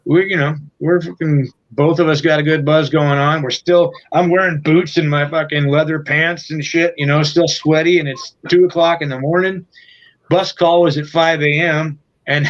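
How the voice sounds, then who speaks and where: A man's voice: on the high side, steady tone, normal speed, lo-fi sound. Profane, rambling man telling a road story. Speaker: guest musician. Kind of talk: casual anecdote in an interview.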